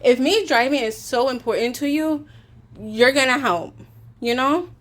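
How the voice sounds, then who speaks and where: Woman, storytime vlog, heated, swears a lot, slightly high voice. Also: a little slow. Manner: heated, swears often, reenacts both sides of an argument. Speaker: vlogger; caregiver.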